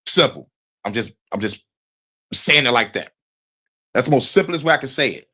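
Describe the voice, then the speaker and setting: A man streams his reaction to a video, talking over it in a loose, rambling way. He swears constantly and works himself up as he goes. His voice sits at an everyday middle pitch. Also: expressive, normal speed, long pauses, bright, forceful tone, husky. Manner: profane, heated, rambling. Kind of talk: casual reaction commentary.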